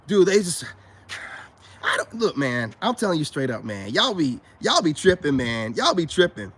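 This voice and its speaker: With a high, fairly bright and slightly rough voice full of big pitch swings, a man speaks at a moderate pace. He's a self-appointed spiritual advice vlogger giving a casual monologue to camera. He boasts, preaches, repeats his points and speaks straight to viewers as brothers.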